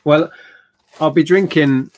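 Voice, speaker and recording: A man's voice: a little high, steady tone, slow, a little mellow. A man co-hosting a live stream, chatting casually in a jokey, playful way. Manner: jokey, playful, mock-indignant.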